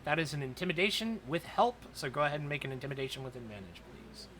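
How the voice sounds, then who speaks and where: A man narrating a tabletop role-playing game as dungeon master, in a casual, halting way. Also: fairly high pitch, big pitch swings, fairly bright tone. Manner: casual, hesitant with fillers.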